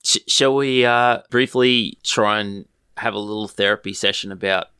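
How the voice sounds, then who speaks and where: Aussie guy, lowish voice, rambles and hesitates, dry close sound. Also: fairly even intonation, normal speed, sharp tone, smooth, no room sound. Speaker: podcast co-host. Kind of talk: casual sports chat.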